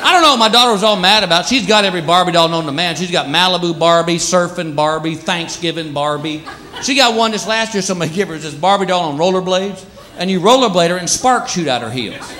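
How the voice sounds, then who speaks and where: A man doing stand-up comedy, animated and slipping into quick voices for his bits. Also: sits high. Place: live comedy venue with laughing audience. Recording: live stage recording with crowd noise.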